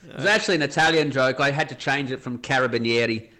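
A man co-hosting a podcast, chatting casually and telling jokes as an animated, chuckling storyteller. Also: medium pitch, quick pace. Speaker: podcast co-host. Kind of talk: casual chat and joke telling.

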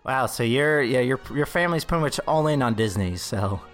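A man's voice: medium pitch, animated, a little fast. Man, podcast host, nasal from a cold, casual, upbeat, faint music. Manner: upbeat, chatty. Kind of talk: casual interview chat.

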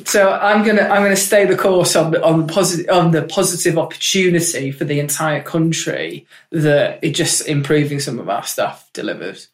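A woman's voice: low voice, normal speed, few pauses. An upbeat, chatty woman, speaking as a politician guest on an interview. She talks with eager conviction in a roomy office. The room gives her voice a noticeable echo. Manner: enthusiastic, chatty, upbeat advocate. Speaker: member of parliament, guest. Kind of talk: candid conversational interview.

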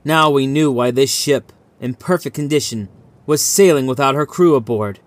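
A man reading a suspenseful short story aloud, narrating in a measured, vivid way. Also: medium pitch. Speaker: audiobook reader.

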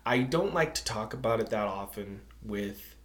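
A man co-hosting a casual podcast, speaking openly and haltingly about personal feelings, often restarting and laughing between thoughts. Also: on the low side, animated, a bit bright, reverberant. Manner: open, searching, restarts often, laughs while talking. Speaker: podcast co-host. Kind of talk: casual chat.

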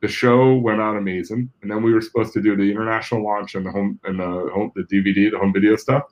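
A man's voice: lowish voice, little pitch movement, fast talker, lo-fi sound. A middle-aged man from New Jersey, a guest telling stories in a casual way. He talks with animation, swears freely and acts out the people in his stories. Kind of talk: casual anecdotal storytelling.

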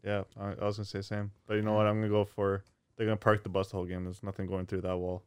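Male co-host, low monotone, measured, dry. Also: clean tone, dry recording. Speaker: podcast co-host. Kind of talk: casual sports prediction chat.

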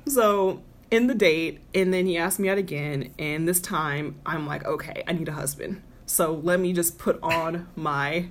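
A woman in casual podcast chat, telling a dating story in an animated way and mimicking the voices of the people in it. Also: low voice, measured pace, few pauses. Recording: clear background noise.

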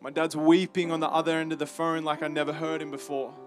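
Speaking as a campus ministry guest, an Australian man gives an earnest, halting personal testimony, his voice full of emotion. His pitch is a little high, his delivery flat, with faint music in the background.

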